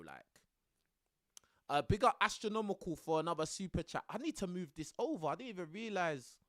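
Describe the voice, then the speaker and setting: A man's voice: on the high side, dry recording, clean studio sound. A young man chatting casually to his live stream audience, tossing in bruv and bro.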